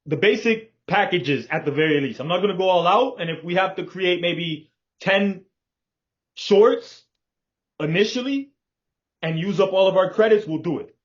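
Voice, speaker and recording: A man's voice: high-pitched, expressive, normal speed. Emphatic man on a lo-fi call. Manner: emphatic, confident, swears freely. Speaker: business partner. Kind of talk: casual planning chat. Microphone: video call. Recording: dull lo-fi call audio.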